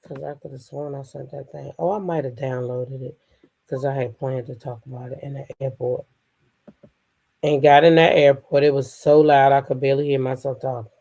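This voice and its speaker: A woman's voice: very deep voice, fairly even intonation, moderate pace, creaky, warm tone. A woman hosting a casual gossip commentary show, blunt, profane and sassy, talking straight to her audience. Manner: addresses the audience directly.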